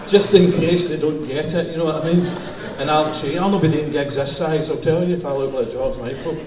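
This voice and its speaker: A middle-aged Glaswegian man with a fairly high voice does stand-up in a music hall, telling bawdy stories full of swearing at a slightly fast pace. A crowd can be heard, and the recording is roomy and captured from far off.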